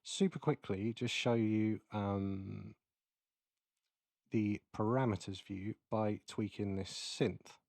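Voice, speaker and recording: A man giving a casual, explanatory keynote while demonstrating audio software, with many fillers. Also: lowish voice, fairly even intonation, takes it slowly, vocal fry, no room sound. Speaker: keynote presenter. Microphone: close mic into recording software.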